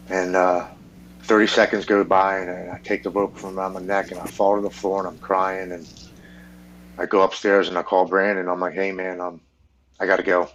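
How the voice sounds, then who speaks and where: A man's voice: sits low, little pitch movement, fairly quick, fairly bright tone, a little hiss or hum, poor audio. A man on a podcast candidly telling his personal recovery story, acting out the people he quotes and swearing freely. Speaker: podcast guest.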